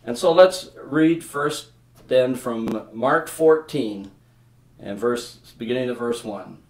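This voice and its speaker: A man from Canada preaching a sermon as a pastor, speaking in an unhurried, earnest way with some fillers and restarts. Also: medium pitch, lively intonation, darkish tone. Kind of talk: sermon with scripture reading and prayer. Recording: roomy echoing church sound.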